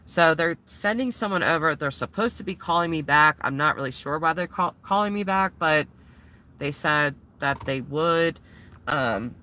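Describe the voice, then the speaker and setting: A woman's voice: low voice, expressive, moderate pace, sharp tone. A woman vlogger telling a story in a casual, rambling way, sounding shaken and using many fillers. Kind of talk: casual vlog retelling.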